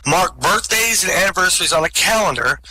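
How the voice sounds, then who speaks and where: Bright-voiced man telling jokes. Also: high-pitched, lively intonation, a little fast, slight background noise, poor audio. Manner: storytelling jokes, chuckles at own punchlines. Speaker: stand-up comic. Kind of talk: telling jokes at an online open mic. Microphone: home microphone, online voice chat.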